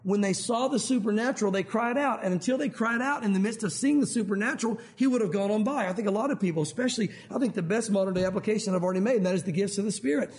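Man, pastor, sermon, high-pitched voice, conversational, rhetorical questions. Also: very fast, hardly any pauses, a little mellow.

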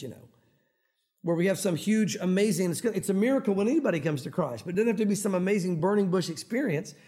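Fast-talking Tennessee preacher, high voice. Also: male voice, darkish tone. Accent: Tennessee Southern. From Tennessee, US South. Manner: fast-talking, conversational, earnest. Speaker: pastor. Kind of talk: evening sermon.

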